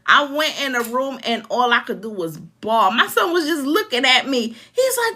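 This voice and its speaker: A woman's voice: on the high side, sing-song, normal speed, few pauses, pushed and bright. A woman in her forties, a life coach, talking earnestly and emotionally to viewers and vividly acting out past scenes. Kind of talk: casual heartfelt talk to viewers.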